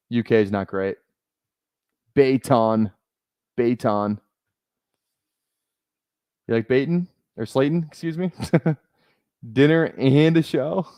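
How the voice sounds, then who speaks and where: On a live stream, a young Minnesotan rambles and jokes through casual chat while drafting, restarting often. His voice is lowish and darkish in tone, recorded with no room sound.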